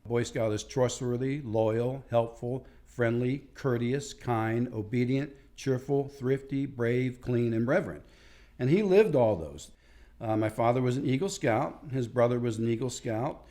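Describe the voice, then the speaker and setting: A man speaking in a documentary interview about his late father, pausing and restarting often as he remembers. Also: mid-range voice, warm tone. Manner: halting, many restarts and fillers. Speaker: son recalling his father.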